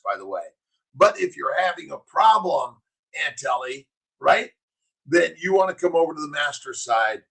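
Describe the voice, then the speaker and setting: Gravelly, husky man preaching to his chat. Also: a little high, a bit bright, low-quality recording. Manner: preachy, punchy slogans, reads and answers chat comments. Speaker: physician hosting a morning livestream. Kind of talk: casual motivational livestream chat.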